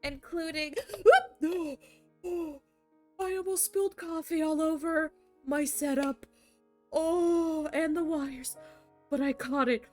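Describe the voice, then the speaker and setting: A woman's voice: high voice, steady tone, slow pace, darkish tone, soft background music. A woman streamer chatting casually and animatedly, laughing and swearing freely between reading passages. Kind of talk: casual live-stream chat.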